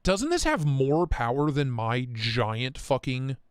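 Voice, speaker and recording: A man hosting a casual live stream, talking in excitable, profane, rambling rants. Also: mid-range voice, slow pace, smooth, dry recording, studio quality. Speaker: livestream host.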